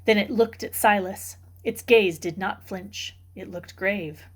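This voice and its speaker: Female reader for a book club, mid-pitched, steady storytelling narration. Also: unhurried, slightly rough. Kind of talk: reading a novel aloud.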